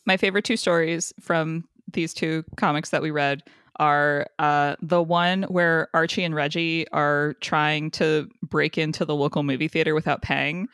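A woman co-hosting a chat podcast, retelling comic stories in an animated way and laughing often. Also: deep voice, normal speed, clear, resonant tone, dry recording, clean studio sound. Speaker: podcast co-host. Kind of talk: casual chat.

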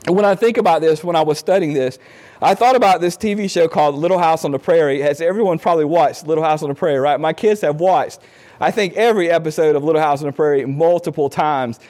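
A middle-aged man with a high voice gives marriage advice in an earnest, chatty way. He slips into acted-out lines as if he were speaking to his spouse. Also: fast talker, a little mellow. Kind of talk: informal talk on marriage advice.

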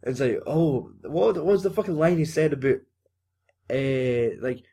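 A man's voice: medium pitch, lively intonation, a little slow, gravelly, mellow, slightly rough. A young Scottish man chatting casually about a film, swearing a lot and breaking into silly voices. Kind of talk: casual film recap chat.

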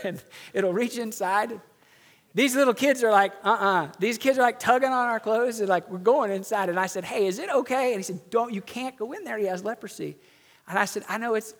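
A middle-aged man, a pastor, telling a story in an earnest sermon and slowing down for emphasis. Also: high voice, fairly bright tone, long reverb tail.

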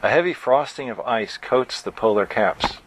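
Guy reading his book out at a bookstore, steady middle voice, faint hum behind. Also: medium pitch, moderate pace, poor audio. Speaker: author reading his novel.

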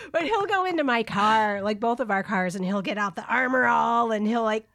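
Co-host: woman in her forties, higher pitch, animated melody, slow unhurried delivery, playful. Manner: giggly, playful, jokey. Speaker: podcast co-host. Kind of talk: casual chat.

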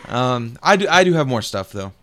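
Young male podcast co-host, smooth clear voice, easygoing storyteller who swears and laughs a lot. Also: mid-range voice, sing-song, normal speed, fairly bright tone. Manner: laid-back storytelling, swears freely, laughs often. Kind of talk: casual gaming podcast chat.

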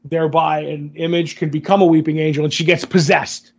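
On a muffled recording, a man with a highish, level voice speaks briskly and slightly roughly. As a podcast co-host, he retells a TV episode casually, rambling and leaning heavily on fillers.

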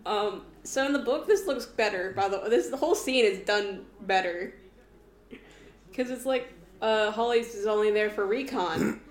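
A woman's voice: mid-range voice, normal speed. A young woman co-hosting a podcast, chatting casually and giggling while watching a film, with lots of fillers. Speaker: podcast co-host. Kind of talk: casual watch-along chat. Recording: roomy echo.

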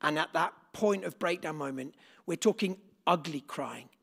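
Man, pastor, sermon, gravelly voice, slightly high, chatty with the congregation. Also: normal speed, a bit bright. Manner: conversational, asks the congregation questions. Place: church gathering with live congregation.

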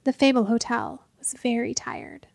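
A woman's voice: a little high, gravelly, no echo. Woman reading a storybook aloud. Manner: expressive, measured storytelling. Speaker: narrator. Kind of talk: storybook narration.

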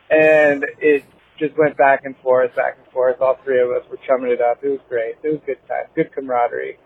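Male caller, slightly higher voice, rambling story over a thin phone line. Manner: meandering, with many fillers and restarts.

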